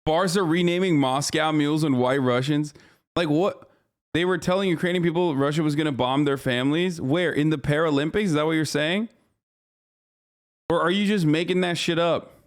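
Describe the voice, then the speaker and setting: A man's voice: on the high side, moderate pace. A man streaming live, giving casual, profane and incredulous commentary as host.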